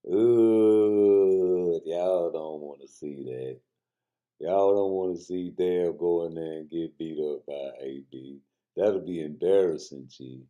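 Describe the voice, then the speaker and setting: A man's voice: a bass voice, unhurried, phone-quality sound. A man giving casual, profane boxing commentary, joking loosely and talking straight to his viewers.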